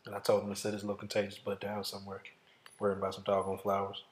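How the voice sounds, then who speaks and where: A man's voice: lowish voice, monotone, rapid-fire, roomy sound, very noisy. A man co-hosting a casual chat, making dry, joking asides. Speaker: podcast co-host.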